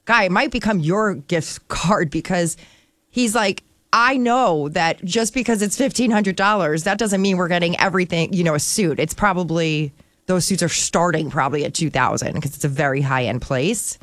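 A woman's voice: fairly low pitch, normal speed, fairly bright tone, dry recording, clean studio sound. A woman chatting casually on a radio show, telling stories in a playful, chatty way. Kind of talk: casual chat.

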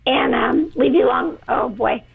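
A woman from Western Pennsylvania calling into a radio show, chatty and hesitant with a hoarse morning voice. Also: high-pitched, measured pace. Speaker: caller. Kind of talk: phone-in chat. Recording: phone line.

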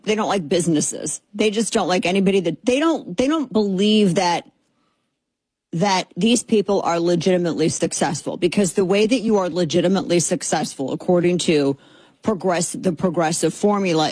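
Husky, sarcastic woman radio host. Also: on the low side, normal speed, a little mellow, dry recording. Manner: sarcastic, exasperated, rambling with fillers. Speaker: radio talk show host. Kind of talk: casual opinionated radio talk. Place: radio studio. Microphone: studio microphone.

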